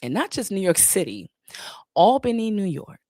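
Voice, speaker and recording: A woman's voice: mid-range voice, sing-song, normal speed, mellow, no room sound, studio quality. A woman in her thirties hosting a casual livestream Q&A, candid and blunt. She swears freely and laughs often. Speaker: livestream host.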